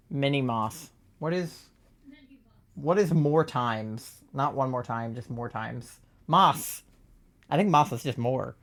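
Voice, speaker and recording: A young adult from Virginia talks loosely to a live stream audience while playing, drifting from story to story. The speech is peppered with swearing and quick laughs, relaxed and unpolished. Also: medium pitch. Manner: rambling, profane, laughs often. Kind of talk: casual live-stream chat while gaming.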